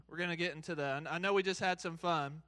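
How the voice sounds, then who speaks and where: This children's church game host keeps things playful and hyped in the church hall, teasing players and cheering countdowns for the kids and audience. His slightly high voice sounds pushed and bright, with no echo.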